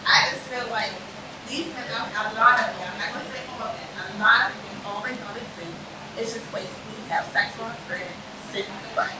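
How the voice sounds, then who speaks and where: A middle-aged woman from the audience, speaking candidly at a live podcast with halting restarts. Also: on the high side, far from the mic, crowd noise. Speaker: audience member asking a question. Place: crowded patio bar. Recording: roomy live recording, background noise.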